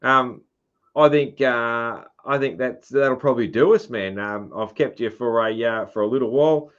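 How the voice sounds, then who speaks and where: A man with an Australian accent hosting a podcast, chatting casually and filling pauses with "uh" and "man". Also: mid-range voice, clean tone, lo-fi sound. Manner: laid-back, lots of "uh" and "man". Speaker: podcast host. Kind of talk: casual interview chat.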